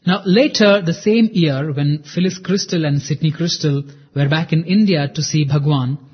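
A man's voice: a little high, normal speed, slightly rough. A man narrating a devotional story in an earnest, dramatic way, reading quotes in the first person. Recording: muffled lo-fi recording.

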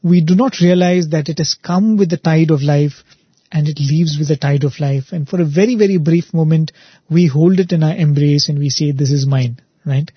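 Husky-voiced male speaker. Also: a little high, moderate pace, no echo, muffled recording. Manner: earnest, repetitive emphasis, frequent "right?". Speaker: spiritual speaker, show host. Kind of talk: devotional talk with storytelling.

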